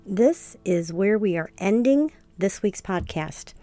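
Slow, mellow-voiced woman hosting a podcast. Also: medium pitch, lively intonation, dry recording, soft background music. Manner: slow, gentle and sincere. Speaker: podcast host. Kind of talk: podcast outro narration.

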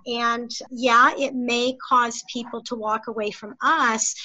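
A woman's voice: on the high side, moderate pace, sharp tone, low-quality recording. A middle-aged woman hosting a podcast interview, talking in an earnest, emphatic and encouraging way. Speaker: podcast host. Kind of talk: conversational interview.

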